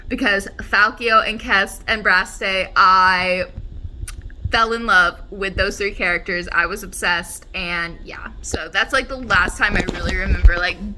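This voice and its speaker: A young woman vlogging casually about books, gushing and excitable, full of "like" and "oh my God.". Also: medium pitch, background noise. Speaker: book vlogger. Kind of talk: casual chat to camera.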